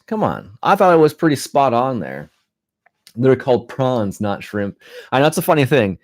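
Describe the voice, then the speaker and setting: A man hosting a casual live-stream chat, rambling and relaxed, with frequent restarts and fillers. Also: medium pitch, moderate pace, dry recording, studio quality. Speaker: gaming channel host.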